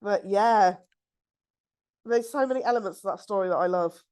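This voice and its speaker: A woman's voice: mid-range voice, moderate pace, darkish tone, smooth. A woman, co-hosting a podcast and reading out a listener's story in a chatty, giggly way. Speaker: podcast co-host.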